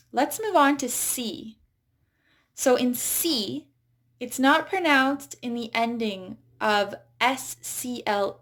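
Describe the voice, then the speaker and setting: A woman teaching English pronunciation, saying example words slowly and carefully. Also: on the high side. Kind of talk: pronunciation lesson.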